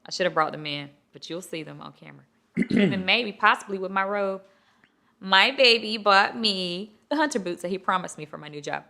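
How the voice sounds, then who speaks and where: A woman hosting a casual chat show, talking in an animated, chatty and playful way. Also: mid-range voice, brisk, creaky. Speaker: host.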